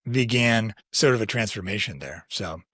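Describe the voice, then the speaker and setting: Reflective, halting male podcast host. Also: lowish voice, lively intonation, pushed and bright, dry recording, studio quality. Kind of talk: podcast interview.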